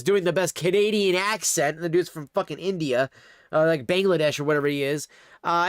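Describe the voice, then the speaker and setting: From his home streaming setup, a male livestreamer delivers angry, profane, sarcastic ranting commentary. His voice is on the high side, and the sound is dry and close.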